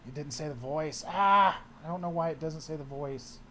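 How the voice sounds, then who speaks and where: A man's voice: a little high, normal speed, pushed and bright, slight background noise. A man hosting a casual livestream, answering chat and often trailing off and restarting his sentences.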